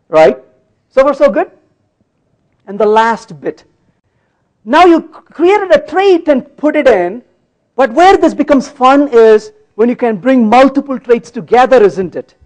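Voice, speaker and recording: A man's voice: very high voice, rough recording. A man giving a conference talk while live-coding, playful and teasing with the audience, often checking that they follow. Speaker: conference speaker. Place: conference hall.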